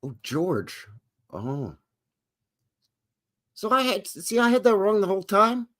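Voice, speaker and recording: A man's voice: high voice, very animated, slow pace, a bit bright. A Canadian man hosting a live stream in a folksy, jokey way, greeting chatters by name. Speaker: livestream host. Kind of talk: casual live-stream chat.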